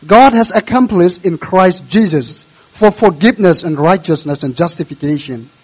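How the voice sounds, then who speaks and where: A male pastor preaching a sermon, earnest and measured, urging his listeners. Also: high-pitched, animated, slightly rough, poor audio.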